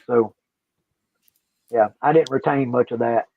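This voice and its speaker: A mid-range male voice at a measured pace carries this casual livestream chat, with no room sound. The older host rambles in a folksy way and repeats himself, and the line sounds dry and tinny, like a phone.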